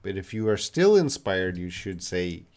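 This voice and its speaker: A Canadian man runs a live-stream English lesson, answering chat questions and correcting sentences. His voice sits fairly low, and he talks at an unhurried, very slow pace. He explains patiently in simple words. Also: sing-song, a little mellow. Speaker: English teacher.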